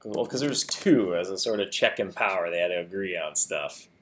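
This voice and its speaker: A man's voice: low-pitched, animated, brisk, slight background noise. Laid-back man co-hosting a game stream. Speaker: co-host of a game livestream. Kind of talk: casual chat.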